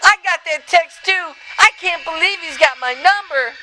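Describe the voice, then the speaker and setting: A man voicing a flustered high-voiced woman calling into a comedy radio show. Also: moderate pace, crowd noise, low-quality recording. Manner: high squeaky put-on voice.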